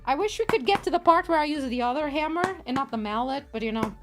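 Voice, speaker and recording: Giggly, lively high-voiced woman streamer. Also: fast, over music. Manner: giggly, rambling and playful. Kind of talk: casual livestream chat while crafting.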